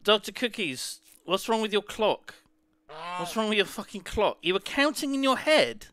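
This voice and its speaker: A man hosting a live gaming stream, excitable and laughing, swearing freely as he chats. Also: sits high, normal speed. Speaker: streamer host.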